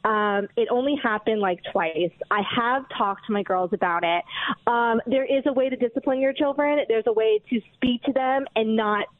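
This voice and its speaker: A woman's voice: fairly high pitch, normal speed, no room sound. A woman calling in to a radio show as a mother, talking defensively with a lot of "like" and "um". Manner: defensive, full of "like" and "um". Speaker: caller, mother. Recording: tinny dry phone line.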